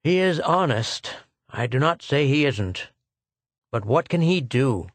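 A man's voice: medium pitch, animated, measured pace, no echo. A man voicing a bitter, weary older man in an audiobook, speaking miserably.

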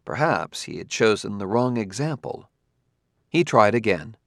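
A man narrating an audiobook in a measured, steady reading style. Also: fairly low pitch, vocal fry, dry recording, clean studio sound. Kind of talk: scripted narration.

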